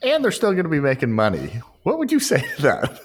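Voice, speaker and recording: A man's voice: fairly high pitch, wildly swooping pitch, fairly quick, husky. A man co-hosting a casual movie podcast, making wry, profane jokes. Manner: wry, profane, joking asides. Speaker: podcast co-host.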